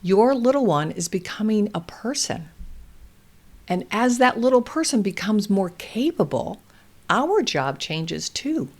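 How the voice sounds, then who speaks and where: A woman hosting a parenting show, giving calm, deliberate instructional advice to parents. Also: medium pitch. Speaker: parenting host.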